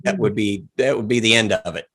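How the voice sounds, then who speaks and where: A man co-hosting a podcast, explaining a point in a measured, casual way. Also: on the low side, over music. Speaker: co-host.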